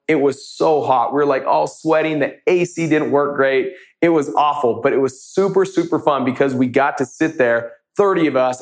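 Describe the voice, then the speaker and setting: Upbeat man coaching in an echoey room. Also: fairly high pitch. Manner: upbeat, casual, enthusiastic. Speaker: real estate wholesaling coach. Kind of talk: storytelling teaching talk.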